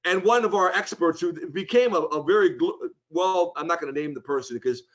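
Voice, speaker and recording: A middle-aged man telling a long anecdote in a conversation, acting out the quoted people as he goes. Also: fairly quick. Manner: animated anecdote, voices the quoted people with rising pitch. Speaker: guest speaker. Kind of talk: storytelling in conversation.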